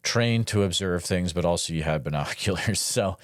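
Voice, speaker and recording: Low-voiced methodical podcast interviewer. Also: male voice, normal speed, no room sound, studio quality. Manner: methodical, detailed questions, soft acknowledgements. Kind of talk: calm interview questioning.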